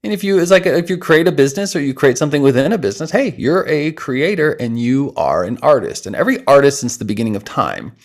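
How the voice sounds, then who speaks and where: Man, lively swooping pitch, laughs often, breath-work guide, calm soft instructions. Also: fast talker, hardly any pauses. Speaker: interview guest.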